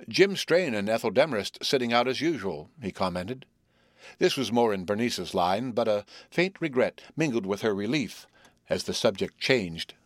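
A man reading a story aloud as narrator, in a measured, even way. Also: lowish voice, no echo, studio quality. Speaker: audiobook narrator. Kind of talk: scripted narration.

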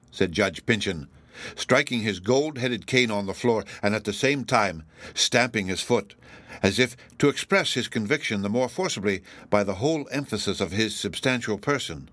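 A man reading a classic novel aloud in a measured, formal storytelling manner. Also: fairly low pitch, fairly bright tone, dry recording. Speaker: audiobook narrator. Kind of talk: scripted narration.

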